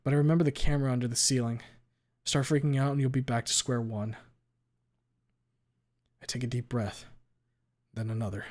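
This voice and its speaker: A man's voice: medium pitch, steady tone, brisk, long pauses, a little mellow. A man reading a visual novel aloud in the first person, dramatic, cursing freely and sometimes stumbling over words.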